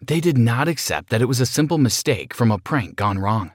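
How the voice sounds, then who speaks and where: A male narrator reading a dramatic first-person story with a lively, rolling melody in his voice. He sits at a middle pitch, and the recording is dry and close with no room sound. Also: brisk, no echo.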